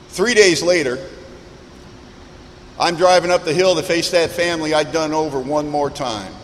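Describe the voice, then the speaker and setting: A man sharing his recovery story with a meeting audience, candid and self-mocking, building dramatic lists with pauses. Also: high voice, fairly even intonation. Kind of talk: personal recovery testimony to an audience. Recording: echoey hall with faint background noise.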